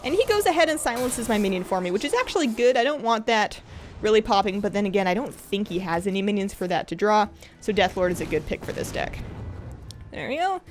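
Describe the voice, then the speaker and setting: A woman commentates on her own card game play, talking quickly in a chatty, upbeat, friendly way with lively pitch swings as she walks the viewer through each move. Slight background noise is audible.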